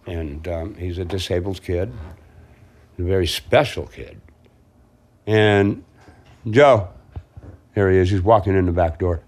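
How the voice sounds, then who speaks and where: Candid older man, low voice. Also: unhurried, long pauses, darkish tone. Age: 60s. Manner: rambling and candid, laughs easily. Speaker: interviewee, boat owner. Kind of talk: casual chat. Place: outdoors, home and harbor.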